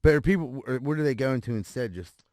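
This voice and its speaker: A man co-hosting a casual podcast, chatting and asking quick follow-up questions. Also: medium pitch, darkish tone, dry recording, clean studio sound. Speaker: podcast co-host. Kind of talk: casual chat.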